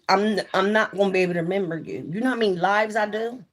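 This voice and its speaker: A livestream host chats casually with her audience, speaking quickly in a medium-pitched voice. She's candid, swears freely, and reads viewer comments aloud.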